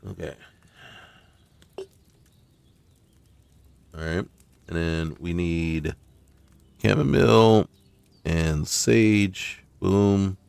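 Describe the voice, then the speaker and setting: A man's voice: sits low, very slow, vocal fry, pauses often, darkish tone, smooth. A man hosting a gaming channel gives casual commentary on his gameplay, talking to himself and crying out in frustration when things go wrong. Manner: talks to himself, exclaims in frustration.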